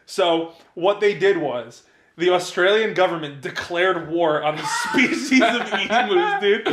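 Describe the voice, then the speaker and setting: A man's voice: high-pitched, unhurried, fairly bright tone, roomy sound. A man co-hosting a casual podcast, telling stories in a laid-back way, laughing often and saying "dude". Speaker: podcast co-host. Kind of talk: casual banter.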